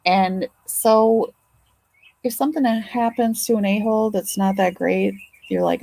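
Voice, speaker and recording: A woman's voice: fairly high pitch, animated, moderate pace, creaky, darkish tone, no echo, rough recording. A grandmother hosting a casual livestream, talking emotionally and chattily to her viewers. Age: older. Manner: emotional, chatty, swears and apologizes. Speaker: livestream host.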